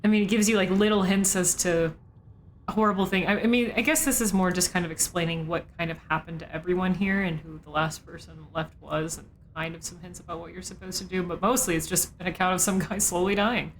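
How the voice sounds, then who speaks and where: A woman's voice: fairly low pitch, fairly even intonation, fairly quick, slight background noise. A woman streaming a game in casual commentary, chatty with frequent swearing and laughing asides. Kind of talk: casual let's play commentary.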